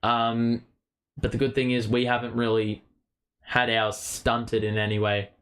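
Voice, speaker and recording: A man's voice: mid-range voice, completely flat delivery, measured pace. A man hosting a fan watchalong, calling the game play by play, partisan and swearing freely. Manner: partisan, swears, rises to shouts on big plays. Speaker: host of a fan watchalong stream.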